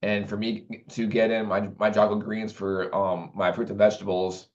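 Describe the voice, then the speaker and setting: A man's voice: on the low side, level tone, normal speed. A man talking casually to the camera in a rambling way, with many restarts and fillers. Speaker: vlogger. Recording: dull lo-fi recording.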